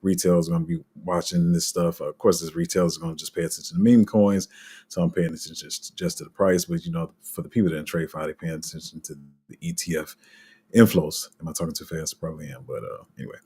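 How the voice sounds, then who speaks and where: A man's voice: sits low, steady tone, fast talker, mellow, husky. A man hosting a crypto channel, talking casually to viewers in a loose, rambling way with many fillers and restarts. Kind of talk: casual unscripted commentary to viewers.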